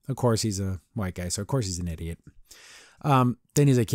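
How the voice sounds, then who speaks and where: A young man hosting a podcast, casually recapping a cartoon episode and voicing the characters in quick impressions, with frequent restarts. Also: mid-range voice, expressive, a little mellow, dry recording, clean studio sound. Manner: retells scenes with quick voiced impressions, restarts and stammers. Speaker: podcast host.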